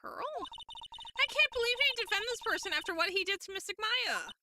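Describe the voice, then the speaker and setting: A woman's voice: extremely high pitch, expressive, fairly quick, over loud music, pitched above the performer's own voice. A woman voicing an upset little girl who is clingy and tearful, pleading and indignant. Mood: hurt.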